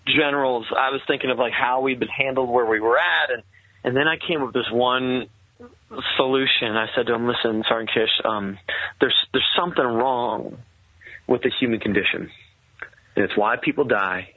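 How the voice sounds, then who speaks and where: A man's voice: medium pitch, breathy edge, no echo. Earnest man with a tinny, phone-like sound. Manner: earnest, halting, many restarts. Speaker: guest telling his story. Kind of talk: conversational storytelling.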